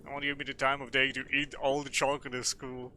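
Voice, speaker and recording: A man's voice: mid-range voice, flat delivery, fairly quick, pushed and bright, faint music behind. A man streaming a game, rambling and joking with casual swearing. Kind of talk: casual gameplay commentary.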